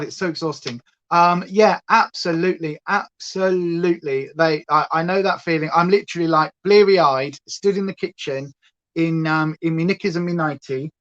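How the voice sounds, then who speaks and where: A woman's voice: low-pitched, normal speed, fairly bright tone, lo-fi sound. A British woman hosting a livestream from home, chatting casually and going off on tangents. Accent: British English. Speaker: livestream host. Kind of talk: rambling casual chat.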